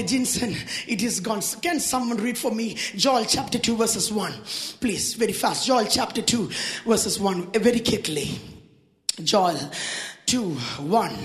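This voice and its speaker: A woman preaching a fiery sermon, shouting and repeating calls to the congregation, sometimes speaking in tongues. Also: a little high, reverberant. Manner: shouted, repetitive calls to the congregation, drops to a quiet murmur at times. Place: church.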